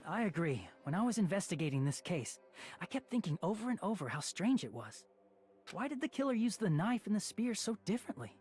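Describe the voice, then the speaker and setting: A man's voice: high voice, very animated, brisk, darkish tone, slightly rough, soft background music, heavily acted. An actor playing an earnest young male student reasoning through a trial in a video game.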